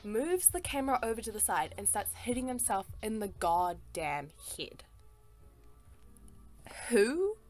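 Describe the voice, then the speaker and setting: Exasperated woman telling a storytime. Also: medium pitch. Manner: emphatic, exasperated, swears a lot, says "like" and "sis". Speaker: storytime artist. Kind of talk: casual storytime voice-over.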